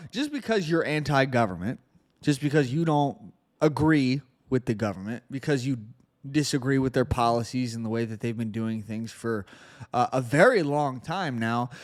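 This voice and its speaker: Sarcastic male podcast host, lively pitch. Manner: sarcastic, incredulous, emphatic. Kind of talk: political commentary podcast.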